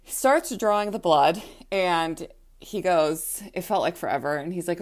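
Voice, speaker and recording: A woman's voice: fairly low pitch, measured pace. A young adult woman telling a personal story in a casual, chatty way, with frequent "like" fillers and acted-out quotes. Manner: chatty, heavy use of "like", acts out quotes.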